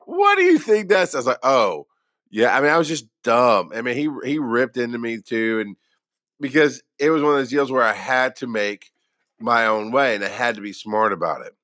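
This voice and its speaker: A man's voice: medium pitch, normal speed, sharp tone, dry recording, studio quality. A former paramedic telling his own story in a casual way, rambling and poking fun at himself, with lots of restarts. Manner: rambling and self-deprecating, with many restarts.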